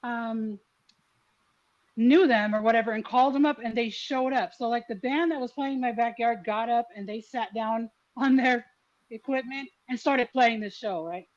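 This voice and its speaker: Brief: middle-aged woman host, raised pitch, lively, salty anecdotes, somewhat dull recording. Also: normal speed. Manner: lively storyteller, swears freely. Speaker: podcast host. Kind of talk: casual chat.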